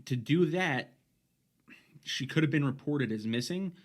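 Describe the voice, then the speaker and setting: A man's voice: fairly high pitch, expressive, unhurried. A man co-hosting a casual podcast, rambling through his points with many restarts and fillers. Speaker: podcast co-host.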